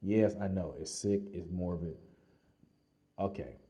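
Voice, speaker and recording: A man vlogging, telling a personal story in a casual, animated way with frequent laughs and fillers. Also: low-pitched, measured pace.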